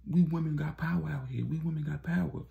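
A man plays a cold, ambitious woman gang leader in a spoken street story, raising his gravelly voice for her. She gives blunt, commanding orders. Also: fairly high pitch, steady tone, quick pace, highs cut off, voice pushed up.

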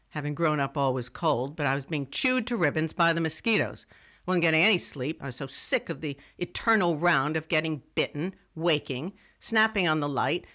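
A young woman radio writer, wry and digressive, bright-toned narration. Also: low-pitched. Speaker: first-person narrator. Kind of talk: scripted first-person narration.

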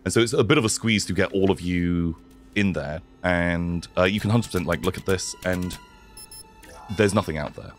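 A man's voice: sits low, normal speed, faint music behind. A man narrating as game master in a hesitant way with many fillers.

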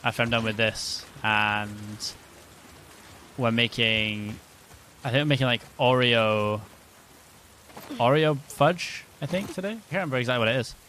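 A man's voice: medium pitch, measured pace, pauses often, bright, forceful tone, a little hiss or hum. Joking male game streamer. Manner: joking banter with chat. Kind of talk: casual live-stream chat.

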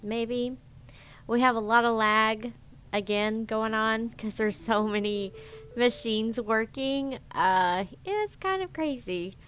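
A woman's voice: a little high, slow, fairly bright tone, highs cut off, soft background music. Chatty woman narrating her gameplay. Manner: chatty, rambling with many fillers. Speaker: let's play host. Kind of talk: casual gameplay commentary.

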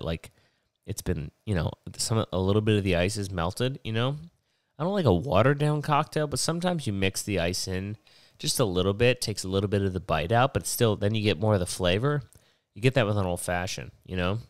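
A man's voice: lowish voice, dry recording, clean studio sound. A young man hosting a podcast while sick with a stuffy, nasal voice, rambling casually and swearing often. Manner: rambling, profane, digressive. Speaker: podcast host.

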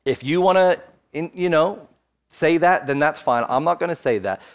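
A man's voice: on the high side, moderate pace, clear, resonant tone. A man in his thirties preaching a sermon as pastor, telling a personal story and building to fervent exhortation. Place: church, streamed online.

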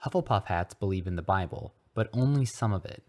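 A man's voice: low-pitched, animated, fairly quick, darkish tone. A man voicing a drowsy, self-righteous hippie girl who talks casually. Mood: drowsy smug.

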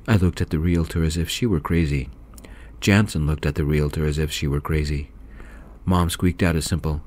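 A man narrating a story in a calm, soft-spoken whispered role-play. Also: very deep voice, normal speed.

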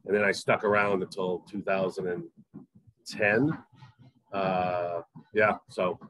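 A middle-aged man with a faint Southern accent talks casually about his work as a chef, rambling and restarting his sentences. His voice sits a little low, and the sound is dry and close. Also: flat delivery, takes it slowly, a bit bright, no room sound, low-quality recording. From Massachusetts. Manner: rambling, many fillers and restarts. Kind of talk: casual interview chat.

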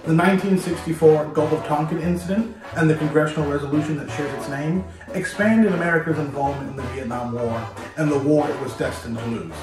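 A man hosting a history video, telling a story lively and speaking straight to the listener in a playful way. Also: on the high side, a little fast, hardly any pauses. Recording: very echoey room, distant mic, music behind.

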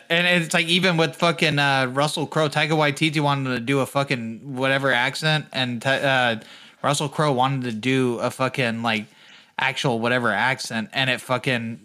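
A man's voice: mid-range voice, bright, forceful tone. A young man co-hosting a podcast, rambling in profane casual chat and laughing often. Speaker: podcast co-host.

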